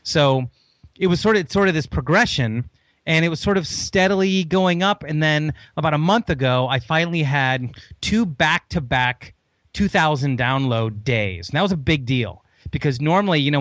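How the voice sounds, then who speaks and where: A man's voice: on the high side, fairly bright tone, dry recording, dull audio. A man guesting on a podcast interview, enthusiastic and long-winded, rambling through his story. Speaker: podcast guest, host of another show.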